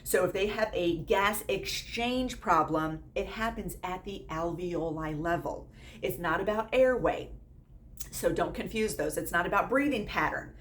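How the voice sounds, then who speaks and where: A woman's voice: fairly low pitch, measured pace, slight background noise. A woman in her thirties teaching nursing students in a casual, blunt way. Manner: blunt, lively, quotes students in put-on voices. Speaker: nursing instructor.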